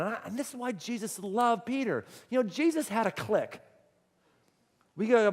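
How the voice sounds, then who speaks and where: A man's voice: very high voice, sing-song, brisk, darkish tone, big-room sound. A male pastor preaching a sermon, telling the story dramatically and animatedly. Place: church auditorium.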